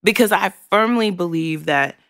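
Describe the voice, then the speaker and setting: A woman's voice: lowish voice, lively intonation, moderate pace, a bit bright, no echo, clean studio sound. A woman hosting a podcast, talking frankly and emotionally, swearing freely and choking back tears. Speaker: podcast host. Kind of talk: candid podcast monologue.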